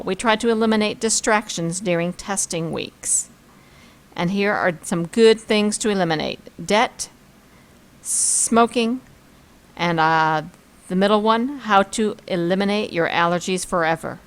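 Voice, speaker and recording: A woman teaching a vocabulary lesson, reading words and example sentences aloud and commenting on pictures. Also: fairly low pitch. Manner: reads word lists and example sentences, then comments on pictures.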